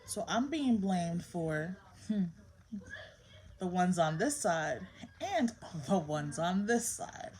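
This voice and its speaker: A woman's voice: lowish voice, lively intonation, slow pace, darkish tone, low-quality recording. A woman in her thirties recording a candid vlog, venting about her troubles and firmly scolding her child. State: emotionally strained. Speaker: mother and vlogger. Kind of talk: candid vlog talk to camera.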